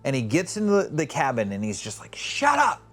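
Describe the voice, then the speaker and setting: A man co-hosting a podcast in casual chat, telling stories in a rambling, animated way and acting out quotes with swearing. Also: mid-range voice, fast talker, faint music behind. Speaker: podcast co-host.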